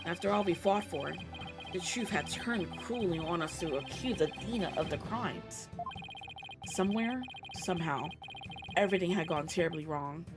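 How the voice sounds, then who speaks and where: A woman's voice: fairly low pitch, lively intonation, moderate pace, lightly acted. A woman voicing a young male defense lawyer's solemn, dramatic inner narration, over game music. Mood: grim.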